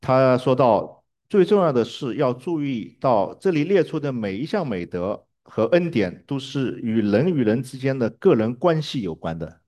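A man's voice: mid-range voice, very animated, normal speed, hardly any pauses, a little mellow. A man interpreting a sermon live, hesitating with fillers and restarts.

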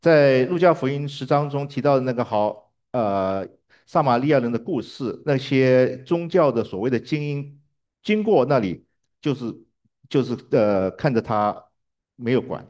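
A man's voice: medium pitch, expressive, moderate pace, a little mellow. A man interpreting a sermon live, hesitating with fillers and restarts.

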